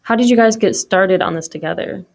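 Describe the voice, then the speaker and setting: A woman interviewing a guest in casual chat, relaxed, with short affirming replies. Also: medium pitch, a little fast, gravelly.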